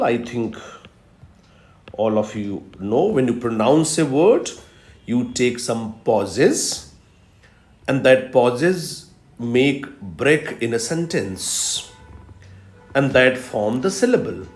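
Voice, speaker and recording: Slow, emphatic lecturer. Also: male voice, medium pitch, sing-song. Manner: slow, emphatic teaching with repetitions and fillers. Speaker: English literature lecturer. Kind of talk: recorded video lecture. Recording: echoey room.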